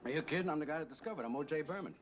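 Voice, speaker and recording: An actor playing a brash, fast-talking Hollywood agent in a 1960s film, all animated, wheedling patter. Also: male voice, on the high side, soft background music, close to an everyday voice. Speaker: talent agent.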